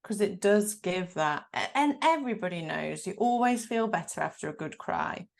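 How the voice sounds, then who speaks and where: Lady hosting a chill podcast chat, lowish voice with lots of vocal fry, earnest and thoughtful. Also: lively intonation, moderate pace. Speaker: podcast host. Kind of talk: casual interview chat.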